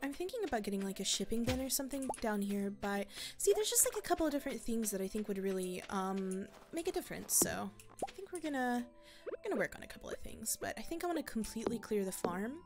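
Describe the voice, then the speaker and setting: A let's play creator gives casual gameplay commentary, rambling, thinking out loud and laughing often. She talks fast in a fairly high, very animated voice, and loud mouse and keyboard clicks fill the recording.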